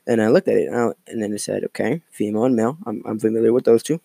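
A man's voice: fairly low pitch, fairly even intonation, very fast, vocal fry, hardly any pauses, dark tone, no room sound. A man hosting a casual solo podcast, rambling and mocking with a lot of profanity and fillers. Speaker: podcast host.

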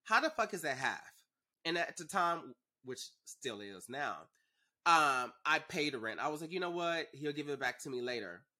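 A man's voice: a little high, sing-song, moderate pace, pushed and bright. Sassy, profane young man telling a story. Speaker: podcast host. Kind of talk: casual storytelling.

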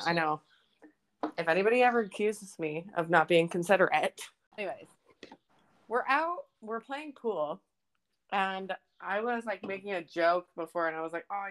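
A young woman co-hosting a podcast, chatting casually and telling a story with lots of swearing. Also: medium pitch. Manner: swears a lot, animated storytelling. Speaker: podcast co-host. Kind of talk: casual chat.

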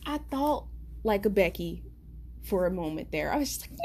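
A woman vlogger telling a story in casual storytime style, animated, blunt and slangy, laughing as she goes. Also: mid-range voice, moderate pace, breathy edge.

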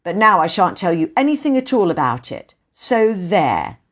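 A woman's voice: lowish voice, very animated, moderate pace. A woman voicing a proud, secretive boy who talks loftily to his sisters. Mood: lofty. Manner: lofty and self-important.

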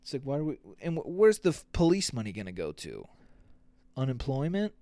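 A man's voice: mid-range voice, wildly swooping pitch, a little fast, dark tone, dry recording. Profane, rambling man hosting a podcast. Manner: profane, rambling, acts out quotes. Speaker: podcast host. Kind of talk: casual comedic podcast rant.

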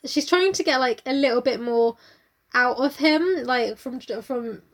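A woman's voice: high voice, a little slow. A woman co-hosting a casual book discussion, irreverent and sweary, reading passages aloud. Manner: irreverent, sweary, laughing often. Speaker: podcast co-host.

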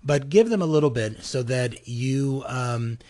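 A man's voice: mid-range voice, expressive, a little slow, dark tone. Chatty man giving marketing advice. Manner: conversational, many fillers, acts out little dialogues. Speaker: podcast host. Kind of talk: casual advice talk. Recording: live program.

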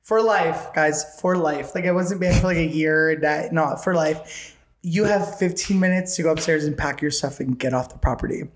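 A man's voice: on the high side, moderate pace, slight background noise. A young man hosting a podcast, telling a story in casual chat, camp and profane, laughing often. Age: young adult. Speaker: podcast host. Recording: roomy echo.

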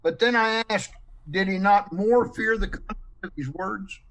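A man's voice: high voice, normal speed, a bit bright. A man moderating a Bible study panel discussion, posing numbered questions and stressing words as he quotes.

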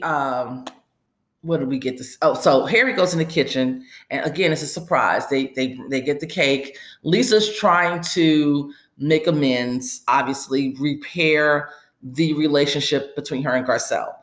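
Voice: mid-range voice, unhurried, a bit bright. A podcast host giving a casual, rambling recap of a TV episode. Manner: chatty, rambling storyteller. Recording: roomy, echoey room.

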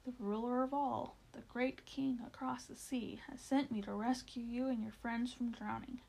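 A woman's voice: on the high side, steady tone, normal speed, creaky, a little mellow, rough recording. A woman voicing a tall, proud male chameleon ship captain in a storybook reading, speaking in a formal way.

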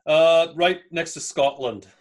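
A man from near Newcastle with a softened Northern English accent, chatting casually as a podcast guest and swearing freely. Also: on the high side, takes it slowly. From England, near Newcastle. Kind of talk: casual chat.

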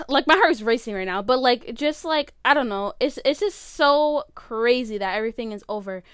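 In a casual solo podcast made on a phone in her bedroom, a late-teen host wanders through her thoughts with plenty of "like" and "um", frequently interrupting herself. Her fairly high voice is expressive, smooth and a bit bright, at a normal speed. The recording is dry and clean, like a studio.

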